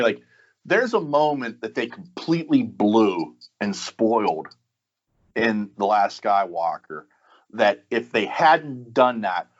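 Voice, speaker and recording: A man's voice: lowish voice, muffled recording. A man, a podcast guest, talking casually and enthusiastically with many restarts and fillers. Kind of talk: casual chat.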